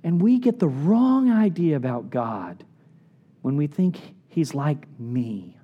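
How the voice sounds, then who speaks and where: A middle-aged man preaching a sermon as a pastor, earnest and pleading, often dropping to soft low tones for emphasis. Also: very animated, slow, slightly rough, highs cut off.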